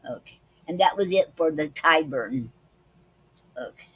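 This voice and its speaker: A woman's voice: sits low, lively intonation, husky, no room sound, poor audio. A woman hosting a poetry club live stream, reading poems and explaining a poetic form and a word of the day, with frequent "okay"s between parts. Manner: slow, careful reading with many "okay"s.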